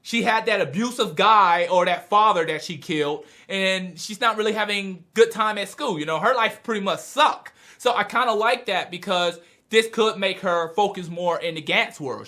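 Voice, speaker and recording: A man casually reviewing a manga chapter, animated and excitable as he retells scenes. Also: high-pitched. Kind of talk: casual video review chat.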